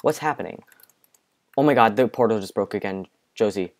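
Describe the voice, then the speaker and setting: Excitable young man gaming at home. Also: fairly low pitch, brisk. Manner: excitable, panicky outbursts, many repeated exclamations. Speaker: gaming video creator. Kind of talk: casual let's-play commentary with a friend. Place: home bedroom.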